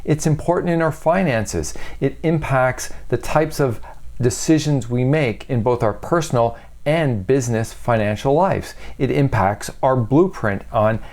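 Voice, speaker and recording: A man's voice: medium pitch, a little slow, darkish tone. Earnest man giving a motivational talk. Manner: earnest and emphatic, with rhetorical questions. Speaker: self-help speaker.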